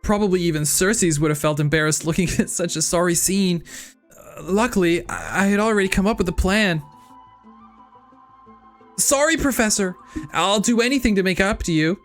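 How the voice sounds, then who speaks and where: A man doing a high, stammering anime-hero student. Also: normal speed, faint music behind, natural voice. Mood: flustered. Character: nervous young male student, stammering and flustered. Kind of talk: dramatic reading of game text.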